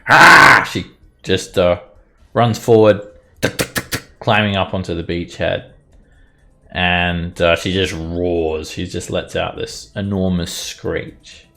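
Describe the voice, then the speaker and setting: A man running a tabletop game as game master, narrating slowly with many pauses and fillers. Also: low voice, fairly even intonation, faint music behind. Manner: slow, deliberate, with frequent fillers.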